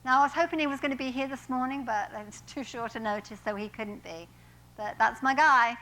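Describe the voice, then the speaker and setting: A woman's voice: high voice, a little fast, sharp tone, rough recording. A woman who works as a personal trainer, giving an inspirational church talk in a chatty way and often laughing at her own lines. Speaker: guest speaker and personal trainer. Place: church sanctuary.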